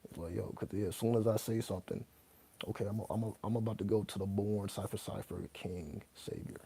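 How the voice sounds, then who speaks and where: Male host, deep dark gravelly voice, AAVE speaker, blunt profane monologue, spells words out loud. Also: fairly even intonation, fairly quick. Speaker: host answering viewer questions. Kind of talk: casual monologue to camera.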